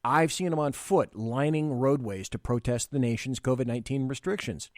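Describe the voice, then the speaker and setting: A man's voice: medium pitch, moderate pace, dry recording, clean studio sound. A man hosting a live political talk show, blunt and rambling, with frequent restarts.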